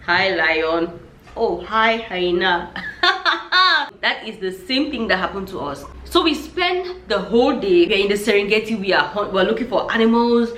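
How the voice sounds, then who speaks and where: A woman vlogger telling a story in a lively storytime vlog, acting out her own reactions as she goes. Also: fairly high pitch, normal speed, few pauses, reverberant, a little hiss or hum.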